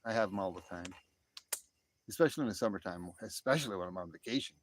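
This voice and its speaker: A man's voice: low-pitched, lively intonation, fast talker. Easygoing American man chatting by a fire. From United States. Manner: rambling, easygoing, with many restarts and fillers. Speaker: live streamer. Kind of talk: casual chat reading viewer comments. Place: outdoors by a fire pit. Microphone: phone.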